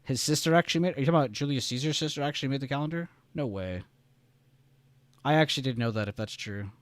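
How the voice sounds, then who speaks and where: A man's voice: mid-range voice, fast talker, dry recording. A young man from the United States hosting a casual trading live stream, rambling and reading chat messages aloud.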